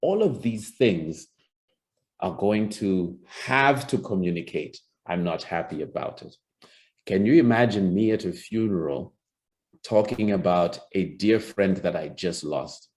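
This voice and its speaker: A man's voice: sits low, a little slow, darkish tone. A man teaching presentation skills as a public speaking coach, demonstrating by shifting his tone and pace. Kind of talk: recorded presentation lesson.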